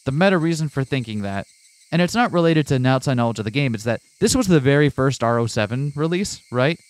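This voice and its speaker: A man co-hosting a let's play video, talking through theories in a lively, chatty way. He laughs often and switches to reading the game's narration aloud. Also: medium pitch, quick pace, dry recording, poor audio. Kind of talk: casual gaming chat and reading game text aloud.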